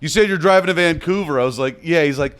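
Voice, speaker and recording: A man telling a story in casual chat, animated and swearing as he acts out both sides of it. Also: on the high side, fast, smooth. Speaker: podcast guest.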